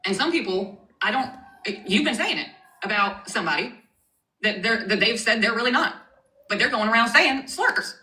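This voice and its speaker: A woman's voice: a little high, lively intonation, normal speed, pushed and bright, roomy sound, low-quality recording. A woman hosting a live stream in casual chat, frank and chatty, swearing now and then.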